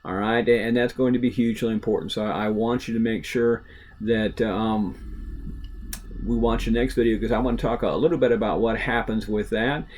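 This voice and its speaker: A man's voice: lowish voice, fairly even intonation, normal speed, a little mellow, a little hiss or hum. A man teaching a recorded history lecture in a casual, talkative way, with many fillers and asides.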